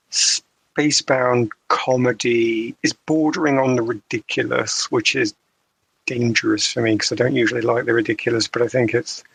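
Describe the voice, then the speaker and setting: A man co-hosting a podcast, giving measured, thoughtful opinions with a dry wit. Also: mid-range voice, vocal fry, fairly bright tone, husky, dry recording, low-quality recording. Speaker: podcast co-host. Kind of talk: casual podcast discussion.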